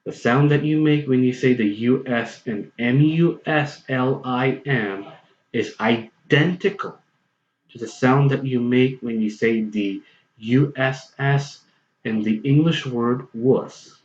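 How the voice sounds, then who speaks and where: A man's voice: mid-range voice, slow pace. A man giving a patient, step-by-step pronunciation tutorial, repeating points and often checking in with okay. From United States. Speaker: online language tutor. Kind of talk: explanatory tutorial voice-over. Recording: roomy, slightly dull home recording.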